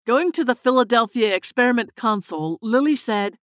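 A woman narrating a children's story with an expressive reading voice. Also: on the high side, brisk, hardly any pauses, no room sound, clean studio sound.

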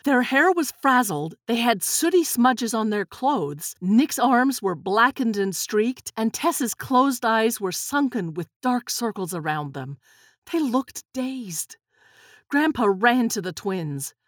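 Woman narrator, storybook reading, slow pace, lively pitch, dry close sound. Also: dry recording. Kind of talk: storybook read-aloud.

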